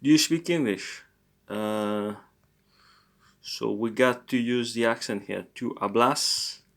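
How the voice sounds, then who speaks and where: A male language teacher walks through an informal lesson at an unhurried, deliberate pace. His voice sits at an ordinary middle pitch. He thinks aloud with plenty of hesitations and catches his own slips good-naturedly. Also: gravelly, a bit bright. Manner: corrects his own mistakes good-humouredly.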